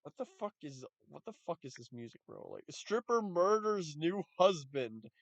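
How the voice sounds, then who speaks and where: A man's voice: on the high side, sing-song, normal speed, dry recording, dull audio. A man giving reaction commentary, talking in a profane, mocking and exasperated way. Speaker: YouTube commentator.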